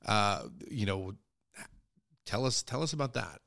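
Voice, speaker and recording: A man's voice: fairly low pitch, lively intonation, a little slow, gravelly, a bit bright, no echo, studio quality. A man hosting an interview, easygoing, laughing along and prompting his guest with questions. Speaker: podcast interviewer.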